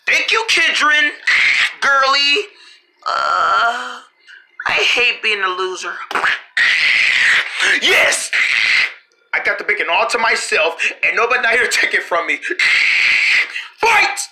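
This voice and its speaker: A performer voicing every character in a playful improvised skit, switching between shouty squabbling voices. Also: mid-range voice, expressive, takes it slowly, pauses often, heavy background noise.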